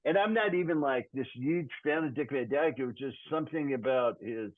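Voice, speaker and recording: A man's voice: medium pitch, animated, a little fast, no echo. A man in his sixties, a guest musician, chatting in an easygoing, rambling way over a remote call. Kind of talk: casual podcast chat. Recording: tinny phone-like call audio.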